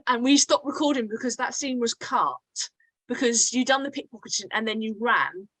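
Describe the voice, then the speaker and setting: Cockney woman chatting on a podcast, kinda high, dry close mic. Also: normal speed, fairly bright tone, dry recording, low-quality recording. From England, near London. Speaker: audio drama cast member. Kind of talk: casual podcast chat.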